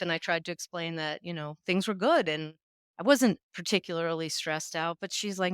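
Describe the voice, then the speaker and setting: A woman's voice: lowish voice, normal speed, smooth, no room sound, clean studio sound. A woman in her fifties from New England, a podcast guest telling her story in a candid, chatty way with many asides. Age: 50s. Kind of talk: conversational storytelling.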